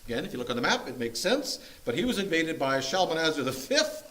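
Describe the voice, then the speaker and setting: A man's voice: on the high side, very animated, quick pace, sharp tone. A man leading a church Bible study group, teaching casually with jokes and playful sound effects.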